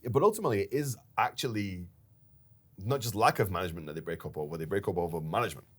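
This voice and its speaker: A man with a very low voice recounts a story in a relaxed business chat. He tells it with animation and laughs now and then as he co-hosts. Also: fast talker. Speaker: company founder and podcast co-host.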